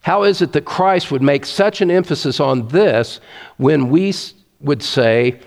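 A man's voice: fairly high pitch, a little slow, vocal fry, long reverb tail. A man preaching a sermon, earnest and emphatic, repeating his key points.

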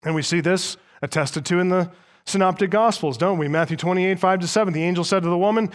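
A man with a somewhat high voice preaches a sermon as pastor, with emphatic delivery. He moves through scripture point by point, explains each passage, and slows down to stress the important words.

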